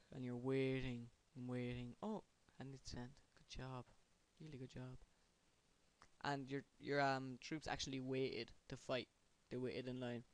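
A man giving casual, rambling gameplay commentary, sarcastic and chanting words under his breath. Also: medium pitch. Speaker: gamer.

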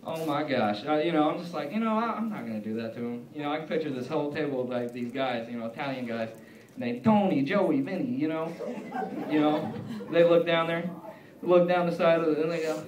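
A man's voice: fairly high pitch, fairly quick, slight background noise. A young man doing a stand-up routine on a comedy club stage, rambling with lots of fillers and mocking himself. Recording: echoey club, far mic, loud crowd.

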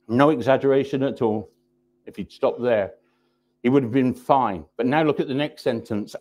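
A man preaching a sermon in a church, driving points home through repetition and often dropping his voice low and quiet for emphasis. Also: lively intonation, moderate pace. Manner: emphatic repetition, drops low and soft for weight.

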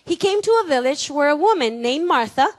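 A high-pitched woman with a Mexican Spanish accent preaches a sermon in a church. She teases her congregation, laughs easily and has them repeat words back to her. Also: lively intonation, brisk. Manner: playful, laughing, calls for congregation responses. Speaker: pastor. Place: church sanctuary.

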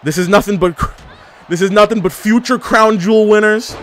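A young man giving casual, animated gameplay commentary as a gaming YouTuber, trash-talking and exclaiming. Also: high voice, a little fast, a little hiss or hum. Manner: animated trash talk, frequent laughs and exclamations.

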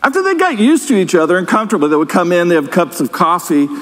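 Brief: male pastor, high voice, chatty sermon style in a reverberant church hall. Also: big pitch swings, fast talker, a bit bright. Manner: conversational preaching with asides and questions to the congregation. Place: church sanctuary.

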